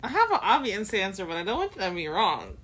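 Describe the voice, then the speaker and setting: A woman co-hosting a podcast in casual chat, telling stories in an animated, giggly way. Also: medium pitch, quick pace, husky. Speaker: podcast co-host.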